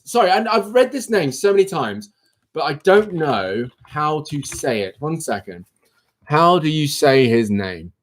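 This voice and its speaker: Chatty man with a higher voice. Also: lively intonation, moderate pace. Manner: chatty and playful, answers viewers' comments aloud, sudden high exclamations. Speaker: livestream host. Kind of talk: casual livestream chat, reading comments.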